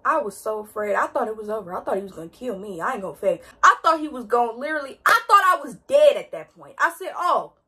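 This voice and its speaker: Young woman w/ aave, slangy dramatic storytime, high bright voice, kinda breathy. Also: fast, hardly any pauses. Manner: animated, slangy, dramatic retelling. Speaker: vlogger. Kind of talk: casual storytime.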